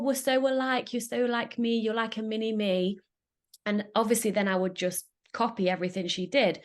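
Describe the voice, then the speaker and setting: A woman host telling a personal story in an earnest, emotional way. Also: mid-range voice. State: getting emotional. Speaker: podcast host.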